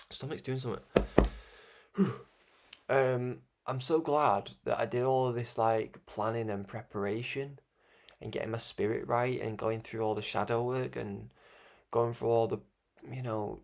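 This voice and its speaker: A man with a Scouse accent hosting his own broadcast, talking through his thoughts in a rambling, reflective monologue that keeps restarting and breaks into chuckles. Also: mid-range voice. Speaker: broadcast host.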